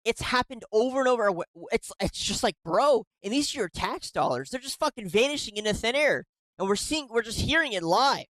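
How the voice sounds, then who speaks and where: A woman's voice: fairly high pitch, animated, a little fast, a bit bright, no room sound, poor audio. A woman giving casual reaction commentary on a clip, exasperated and swearing often. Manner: exasperated, swears a lot, says "bro".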